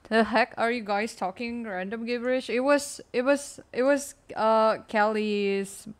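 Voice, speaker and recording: A woman game streamer chats casually with her teammates, her voice fairly high. She talks low and weak, as if saving her energy, and takes her time between words. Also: unhurried, clear, resonant tone. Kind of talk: casual live-stream chat while gaming.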